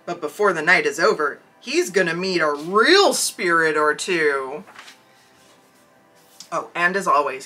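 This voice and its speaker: A podcast co-host reads a story aloud and tosses in wry, jokey asides. The voice is husky and bright. The pitch moves about a lot. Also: poor audio. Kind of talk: casual chat and reading aloud.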